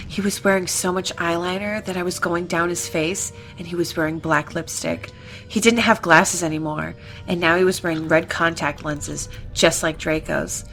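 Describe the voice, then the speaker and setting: A young woman reading fan fiction aloud for laughs, with animated, giggly narration. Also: lowish voice. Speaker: reader. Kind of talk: comedic fanfiction reading.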